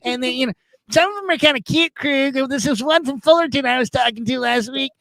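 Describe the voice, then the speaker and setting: A man imitating a wound-up older radio guy with a pitched-up, gravelly voice, piling on insistent advice in voicemail after voicemail. The voice comes out bright and forceful, never letting up. It reads as an eager, rambling phone message from someone who can't stop talking. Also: fairly quick, no room sound, full character voice. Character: excitable older male radio host leaving voicemails.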